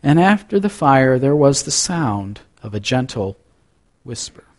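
A man's voice: mid-range voice, sing-song, a little slow, darkish tone. A man preaching a sermon, reading scripture aloud with dramatic rises and drops and adding conversational asides. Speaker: pastor.

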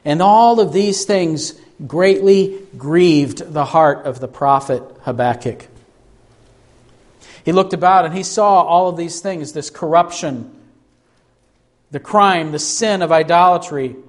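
A man preaching a sermon, slow and emphatic, pleading through rhetorical questions. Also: fairly high pitch. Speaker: pastor.

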